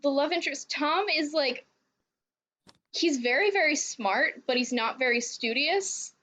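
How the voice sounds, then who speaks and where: A woman's voice: high voice, animated, measured pace, sharp tone. A young woman hosting a game playthrough, rambling and laughing through a casual recap and swearing freely. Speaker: let's play host.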